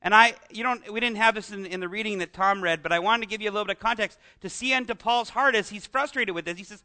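A man's voice: high voice, fast, few pauses, bright, forceful tone. A Canadian man preaching a sermon as pastor, in a conversational style with chatty asides.

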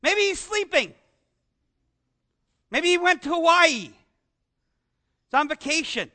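A man preacher voicing a bold old male prophet who loudly taunts and commands his rivals. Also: very high-pitched, measured pace, full character voice. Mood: mocking. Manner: loud, mocking call to rivals.

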